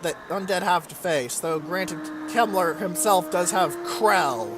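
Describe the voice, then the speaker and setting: A man's voice: high-pitched, a little slow, music in the background. A man giving casual, chatty commentary over his strategy game let's play, swearing now and then. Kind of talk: gameplay commentary.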